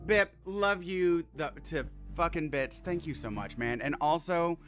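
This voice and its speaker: A man streaming a game, chatting casually and excitedly, swearing often, laughing and thanking viewers warmly. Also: fairly high pitch, a little slow, faint music behind. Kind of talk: casual live-stream chat.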